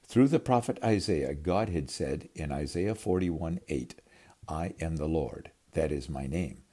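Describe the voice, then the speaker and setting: A preacher delivers a storytelling sermon in a very low, husky, mellow voice, speaking a little slowly. He's animated, swinging his pitch widely to dramatize scenes, and talks to his listeners as if they were friends.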